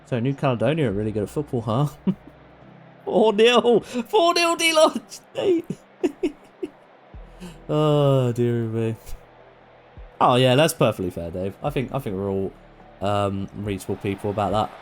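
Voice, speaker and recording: A man's voice: lowish voice, normal speed, soft background music. A man doing casual, sweary live-stream commentary on a football management game. He talks to the players on screen and goes off on rants.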